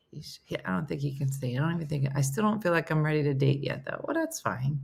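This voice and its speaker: A woman hosting a casual live chat from her home, answering viewer comments in an animated, chatty way. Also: sits low, quick pace, creaky, hardly any pauses, breathy edge. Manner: animated and chatty, jumping between stories and asides. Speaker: host of a live chat show. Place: at home, indoors, with her dogs.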